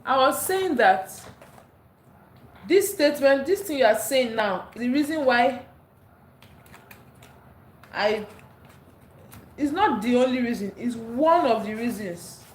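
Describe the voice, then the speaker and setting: A woman's voice: fairly high pitch, expressive, slow, pauses often, reverberant. A woman from Africa hosting a casual livestream, chatting and reading out viewer comments, laughing often. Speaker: livestream host. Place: indoors at home. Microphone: phone, later a clip-on mic.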